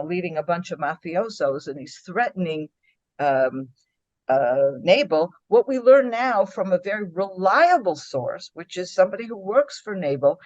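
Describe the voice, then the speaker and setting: A woman teaching a Bible study, retelling the story in an animated way and acting out the quoted speech, with many fillers and restarts. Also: on the low side, dry recording, highs cut off.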